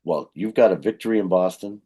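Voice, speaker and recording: A man's voice: brisk, mellow. A man co-hosting a casual fan podcast, rambling with fillers and self-corrections. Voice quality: very deep gravelly husky voice. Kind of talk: casual sports chat.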